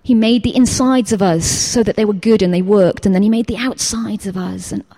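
With a mid-range voice that runs a little fast, an English woman teacher delivers a casual sermon built on personal anecdotes. She tells them with animation, performs the quotes, and at times lowers her voice to a whisper.

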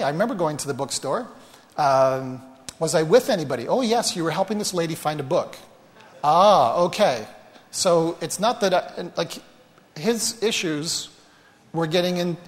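Chatty male pastor in a reverberant hall. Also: a little high. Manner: conversational, self-deprecating, addresses the congregation directly. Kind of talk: sermon with personal stories.

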